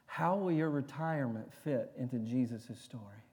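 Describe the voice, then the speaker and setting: A man preaching a sermon from the pulpit. He talks earnestly, often restarts his words, and sinks into quiet intensity. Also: medium pitch, moderate pace, breathy edge. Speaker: pastor. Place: church sanctuary. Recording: long reverb of a church hall.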